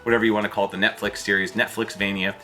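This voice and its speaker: A man hosting a gaming video, ranting loosely and in exasperation, with sudden jumps up in pitch. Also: level tone, rapid-fire, sharp tone. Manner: loose, with fillers and restarts. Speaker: video host. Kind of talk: ranting commentary vlog.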